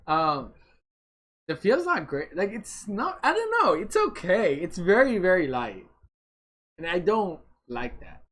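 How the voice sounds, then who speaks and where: A man's voice: sits high, sing-song, measured pace, fairly bright tone. A man co-hosting a casual beer podcast, joking around and laughing often. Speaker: podcast co-host. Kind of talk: casual chat. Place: California.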